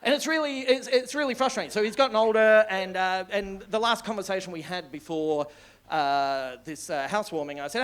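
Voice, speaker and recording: A man's voice: sits high, animated, brisk, a bit bright. A man with an Australian accent doing live stand-up, rambling through stories and tagging lines with "right?". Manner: rambling storytelling with many "right?" tags and laughs. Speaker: stand-up comedian. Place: small comedy club with live audience.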